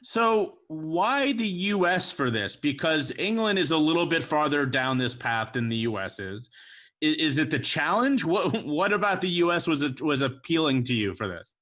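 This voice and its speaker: A man's voice: fairly high pitch, expressive, fairly bright tone. A man hosting a podcast who asks casual interview questions and often restarts and repeats words. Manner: halting, repeats words as he starts his questions. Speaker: podcast host.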